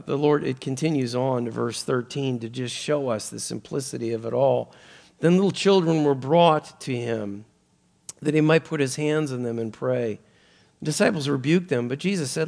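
A man's voice: mid-range voice, vocal fry. A man preaching a sermon, reading scripture and explaining it with earnest emphasis that rises and falls. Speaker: pastor.

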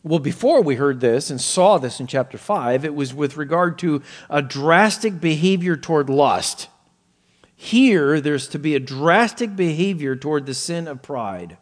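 A man preaching a sermon, earnest and measured, teaching through a passage with occasional fillers and restarts. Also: fairly high pitch, expressive, in a large hall. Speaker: pastor.

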